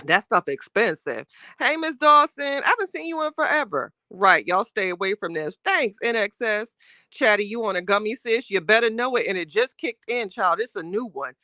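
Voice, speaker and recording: Her medium-pitched voice moves at a moderate pace as she hosts a laid-back livestream, reading chat with sassy, animated flair, Southern Black American slang and plenty of laughs. The recording is dry, with a clean studio quality.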